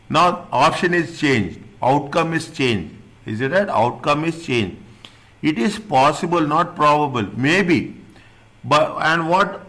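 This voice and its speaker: A man's voice: a little high, fairly bright tone. A man tutoring an accounting class. He repeats his points, rephrases often and keeps checking that students follow. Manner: restarts and rephrases often, non-native phrasing. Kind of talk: classroom lecture.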